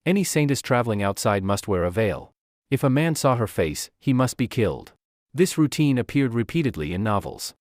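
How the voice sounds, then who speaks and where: A man giving expressive scripted narration of a novel. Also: mid-range voice, normal speed, no room sound, studio quality.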